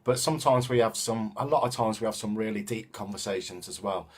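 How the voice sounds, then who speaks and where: A vlogger and self-defense teacher from England, this man has a Coventry accent and a lowish, slightly breathy voice that moves a bit fast. He reflects casually and thoughtfully, with lots of ums, hesitations and restarts.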